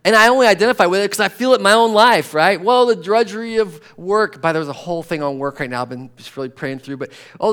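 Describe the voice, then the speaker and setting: Conversational preaching man, fairly high voice. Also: fast talker, a bit bright. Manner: conversational preaching, acts out grumbling voices, sighs. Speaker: pastor. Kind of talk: sermon.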